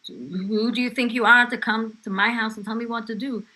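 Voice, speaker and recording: A woman's voice: a little high, fairly even intonation, moderate pace, pitched above the performer's own voice. A woman voicing her grandmother, a short, devout mother who defiantly orders an officer out. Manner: defiant, shouting back.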